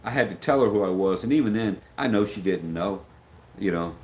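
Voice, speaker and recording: A man's voice: lowish voice, expressive, a little fast, a little mellow, low-quality recording. A middle-aged man talking casually on a livestream, reading out viewer comments and answering them in a rambling way, sometimes losing his train of thought and acting out the voices of people he quotes.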